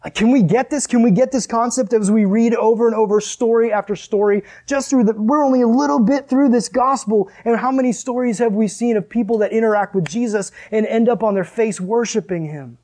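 A man preaching a sermon in a casual, animated way, full of "like" and asides. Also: very high voice, brisk, hardly any pauses. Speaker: pastor.

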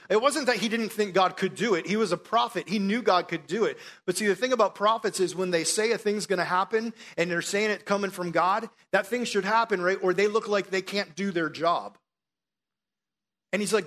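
A man preaching a sermon with animated storytelling, acting out the voices in the story. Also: high-pitched, a little fast.

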